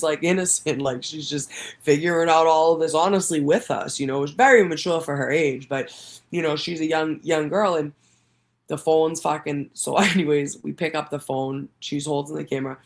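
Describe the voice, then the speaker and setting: A woman hosts her own livestream show and tells a long, casual story. She rambles, swears freely and breaks into laughter often. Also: low voice.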